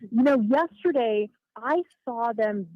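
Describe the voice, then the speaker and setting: A woman court reporter giving a measured, detailed live report with occasional uhs. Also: on the high side, no room sound. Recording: dull, dry remote feed.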